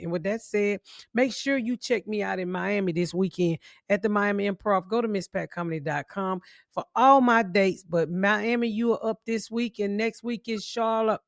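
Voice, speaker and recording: A woman's voice: medium pitch, no echo, clean studio sound. A middle-aged woman hosting a casual podcast, talking in a brassy way and singing her sign-off. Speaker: podcast host. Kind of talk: casual chat.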